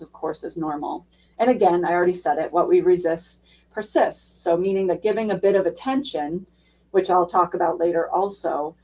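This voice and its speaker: A woman social worker giving an educational talk in a relaxed, conversational way with frequent fillers. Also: fairly low pitch, far from the mic, poor audio.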